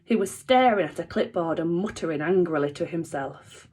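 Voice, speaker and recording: Woman reader, children's book, lively swinging delivery. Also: lowish voice, moderate pace, breathy edge. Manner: expressive, animated. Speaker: teacher reading aloud.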